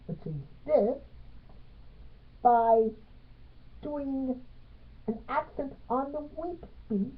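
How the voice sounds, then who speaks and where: A woman teaching a music theory lesson, speaking in halting phrases and counting beats aloud with stress on the accented ones. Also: fairly high pitch. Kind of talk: piano music theory tutorial. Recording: tinny phone-like sound.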